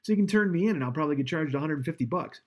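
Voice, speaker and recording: A man's voice: a little high, animated, very fast. A man hosting a casual live stream, rambling and swearing with self-mocking humor while leaning back from his microphone. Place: home streaming setup, indoors. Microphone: studio microphone, leaning back from it.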